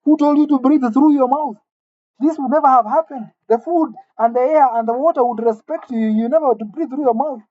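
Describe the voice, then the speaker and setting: A woman delivering a mock-serious comic rant, indignant and halting, often repeating her words. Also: sits high, no room sound, narrow, tinny audio. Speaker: comedic vlogger.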